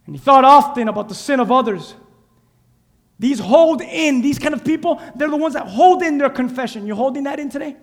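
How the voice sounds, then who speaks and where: High-voiced animated preacher in a church. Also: male voice, fairly quick, long reverb tail. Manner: animated, exhorting, calls out to the congregation. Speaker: pastor. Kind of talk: sermon. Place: church sanctuary.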